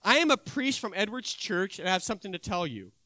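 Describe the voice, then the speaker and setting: A man doing a brisk, earnest priest. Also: sits high, expressive, sharp tone, dry recording. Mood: grateful. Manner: earnest, grateful. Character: male church priest on the phone.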